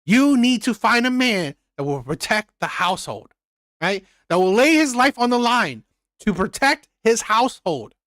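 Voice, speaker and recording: A man's voice: sits high, very animated, moderate pace, fairly bright tone, no echo, studio quality. Blunt, swearing male reaction host. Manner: blunt, emphatic, repeats phrases, swears. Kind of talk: reaction commentary.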